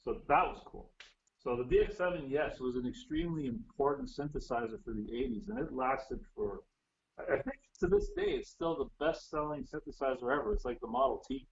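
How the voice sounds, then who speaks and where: A man's voice: mid-range voice, big pitch swings, brisk, vocal fry, slight background noise. Man, casual chat, chatty explainer, lo-fi call audio. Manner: chatty, explaining gear with restarts. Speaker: guest musician. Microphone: phone or video call.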